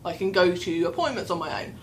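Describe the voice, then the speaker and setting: A woman's voice: on the low side, fast talker, a little hiss or hum, rough recording. A young woman telling a long, rambling, self-mocking story, acting out her own anxious thoughts. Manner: rambling, self-mocking, animated retelling with quoted inner voice. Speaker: vlogger. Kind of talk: casual storytelling vlog.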